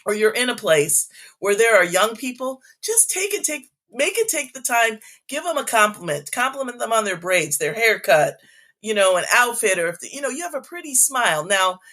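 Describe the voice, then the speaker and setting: A woman's voice: a little high, normal speed. A middle-aged woman talks as an interview guest and tells stories from her years in schools. She keeps checking in with "right?" and briefly acts out the people in her stories. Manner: animated, frequent "right?" tags, acts out quoted voices. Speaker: guest, former school superintendent. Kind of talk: casual interview storytelling.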